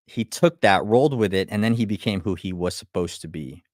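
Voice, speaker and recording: A man with a fairly low voice speaks in a blunt, profane live motivational talk. He keeps hammering his listeners with rhetorical questions and trips over restarts when he gets going. The sound is dry and close, with no room echo. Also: animated, a little fast, a little mellow. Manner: restarts and stumbles when fired up.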